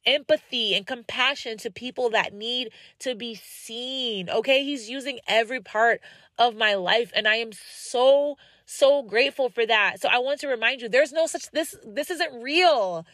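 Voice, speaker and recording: A woman's voice: on the high side, normal speed, no room sound. A young woman hosting her own podcast, telling stories in a casual, encouraging way and acting out the people she quotes. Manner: animated storyteller, acts out quoted voices; encouraging, direct address to listeners. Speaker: podcast host. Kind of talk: casual faith-based monologue.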